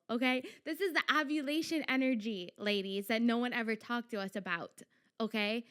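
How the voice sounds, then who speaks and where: A young adult woman hosting her own podcast, talking in a chatty, animated way with lots of fillers and quoted inner voices. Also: on the high side, normal speed, clear, resonant tone. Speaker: podcast host. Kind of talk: casual solo podcast talk.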